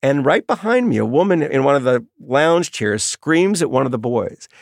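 A middle-aged man telling lively stories about his daughter as a guest in an interview. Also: mid-range voice, moderate pace, vocal fry, no echo, clean studio sound. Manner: animated storyteller, acts out quotes. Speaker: guest, author. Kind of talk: storytelling in an interview.

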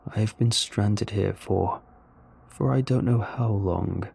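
A man voicing a stranded male alien with a low, gravelly voice and slow, drawn-out speech. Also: a little mellow, heavily acted. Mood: weary.

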